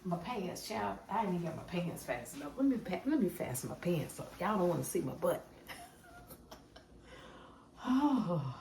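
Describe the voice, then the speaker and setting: A woman's voice: fairly low pitch, big pitch swings, moderate pace, vocal fry, long pauses, a little mellow, slight background noise. A woman vlogging casually about her day, chatty and folksy, calling her viewers honey and child. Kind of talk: casual day-in-the-life vlog.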